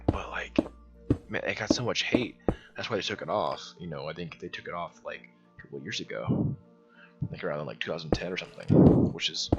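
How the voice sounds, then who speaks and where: A young Southern American man, a gaming channel host, rambles through a school story over gameplay with plenty of fillers, restarts, and frequent laughter. His voice is low with a fairly bright tone, and music plays behind him.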